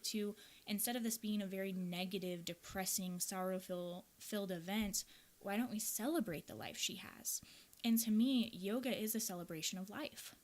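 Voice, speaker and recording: A woman's voice: medium pitch, normal speed. Candid young woman sharing a personal story. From American Midwest. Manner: candid, earnest, reflective. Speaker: podcast host and yoga teacher.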